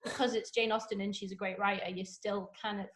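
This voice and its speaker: A woman casually recapping a story on a podcast, chatty and animated, with lots of "like". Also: mid-range voice, fairly quick, heavy background noise. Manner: chatty, animated retelling with frequent "like". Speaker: podcast guest. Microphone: podcast microphone.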